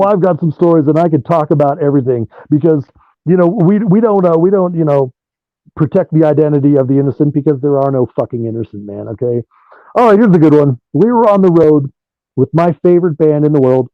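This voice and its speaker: High-voiced swearing rock guitarist. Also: male voice, brisk, no echo. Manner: animated, swears freely. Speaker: guitarist guest. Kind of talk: profane storytelling interview. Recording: dull lo-fi dry sound.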